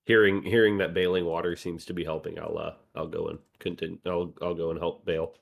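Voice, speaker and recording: A man playing a tabletop game, halting and repeating his words. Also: low-pitched, flat delivery, gravelly. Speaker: player. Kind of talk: casual role-play.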